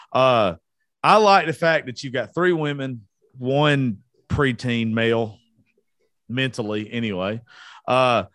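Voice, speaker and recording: A man's voice: medium pitch, fairly bright tone, no echo, clean studio sound. A young man from South Georgia with a Southern accent, hosting a casual, unedited podcast, profane and self-mocking. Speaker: podcast host.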